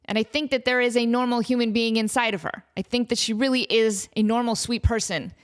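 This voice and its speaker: A woman in her thirties hosting a podcast, telling a story in an animated, chatty way with lots of likes and ums. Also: fairly high pitch, a little fast, clear, resonant tone. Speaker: podcast host. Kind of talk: casual storytelling.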